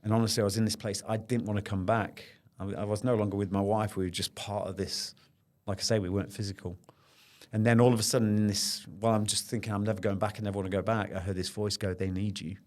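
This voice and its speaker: A man's voice: lowish voice, flat delivery, quick pace, a little mellow. A middle-aged man speaking as a podcast guest, telling a personal story in an earnest, intense way and repeating phrases as he relives it.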